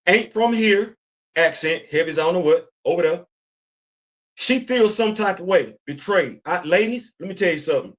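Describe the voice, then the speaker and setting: A man hosting a casual commentary show, talking bluntly and emphatically, repeating his points. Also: sits high. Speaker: podcast host.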